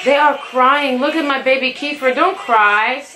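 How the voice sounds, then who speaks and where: Bright-voiced, excitable young woman vlogger. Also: high-pitched, a little slow, soft background music. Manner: excitable and emotional, chatty with many fillers. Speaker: reaction video host. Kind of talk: casual reaction commentary.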